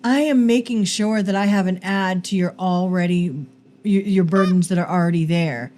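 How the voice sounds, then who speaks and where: A woman's voice: on the low side, steady tone, normal speed, mellow. A middle-aged woman co-hosting a casual marriage podcast with her husband, earnest and firm as she makes her case. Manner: earnest, firmly argumentative. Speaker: podcast co-host, pastor's wife. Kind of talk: casual marital chat.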